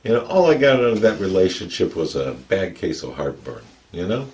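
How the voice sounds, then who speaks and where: An actor playing an aging, self-pitying male vampire count who complains in slow, drawling tones. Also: low-pitched, very animated, a little mellow. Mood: grumbling. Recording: distant mic, faint background noise.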